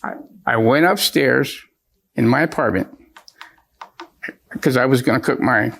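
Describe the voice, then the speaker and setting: Gravelly man, rambling and repetitive. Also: mid-range voice, unhurried, a bit bright. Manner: rambling, repeats himself, stumbles over words. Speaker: plaintiff. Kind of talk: courtroom testimony.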